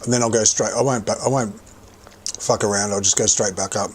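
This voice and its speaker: A man's voice: lowish voice, steady tone, a little fast, slight background noise. A middle-aged man streaming a game, rambling casually about his gear and occasionally swearing. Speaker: gaming livestreamer. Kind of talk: casual gameplay commentary.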